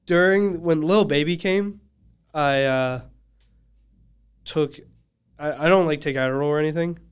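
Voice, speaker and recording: Man, smooth clear voice, laid-back slangy storyteller, laughs a lot, studio engineer on a podcast. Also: fairly high pitch, unhurried.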